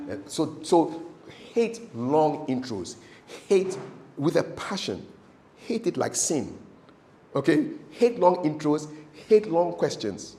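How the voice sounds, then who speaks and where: A middle-aged man talks like a seasoned TV presenter coaching others on how to interview. His voice sits fairly high for a man and moves a lot, rising and falling as he tells stories. He repeats key phrases for emphasis and laughs easily. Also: very animated, slow, warm tone. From Ghana. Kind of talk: casual advice talk.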